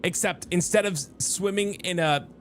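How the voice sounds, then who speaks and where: This high-voiced man speaks at a moderate pace with a fairly bright tone, and a little hiss or hum sits under the recording. He's live-streaming a game, rambling to his viewers in casual chat and frequently interrupting himself, while faint music plays in the background.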